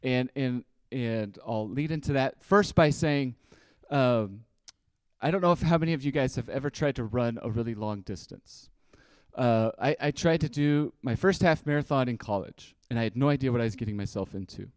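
A man's voice: medium pitch, moderate pace, a little mellow, smooth, no room sound. A man giving a conversational sermon, telling a personal story and often repeating and restarting his words. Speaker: preacher.

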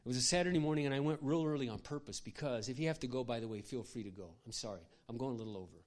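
An older male pastor preaches with passion in a mid-pitched voice. He tells stories conversationally and breaks off for asides to the congregation. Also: racing. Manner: impassioned, conversational, with asides to the audience. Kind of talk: sermon storytelling.

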